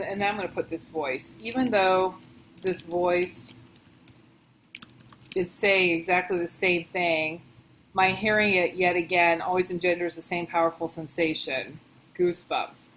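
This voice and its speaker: A woman working as a book editor, reading passages aloud and thinking out loud in a casual, chatty way as she comments on them. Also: lowish voice, steady tone, measured pace, a little hiss or hum, rough recording.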